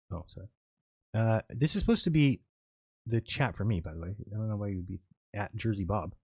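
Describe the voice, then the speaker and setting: A man's voice: on the low side, brisk, pauses often, husky, no echo. A man hosting a live stream, casually reading viewer questions aloud and answering them in a rambling, offhand way.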